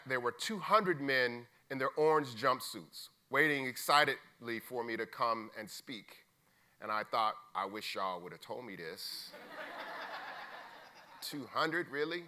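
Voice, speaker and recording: Bright-voiced man telling a personal story. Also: mid-range voice, clean tone. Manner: informal, acts out dialogue, calls people "man" and "brother". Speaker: keynote speaker. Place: conference stage.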